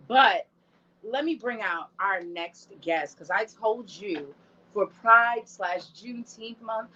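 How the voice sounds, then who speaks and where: A woman hosting a show, bantering playfully with guests in an animated way. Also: mid-range voice. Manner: animated, playful, drawn-out exclamations. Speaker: show host. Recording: dull lo-fi sound.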